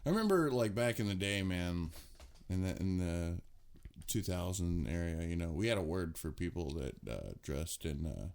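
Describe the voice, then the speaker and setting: A man with a low voice co-hosting a casual music podcast. He talks in an easygoing, slangy way, peppering his lines with "you know". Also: animated, normal speed, darkish tone. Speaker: podcast co-host. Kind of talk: casual chat.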